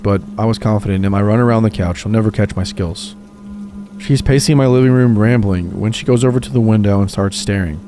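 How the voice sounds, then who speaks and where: A man narrating true scary stories in a calm, scripted storytelling read. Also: on the low side. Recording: voice-over with music behind.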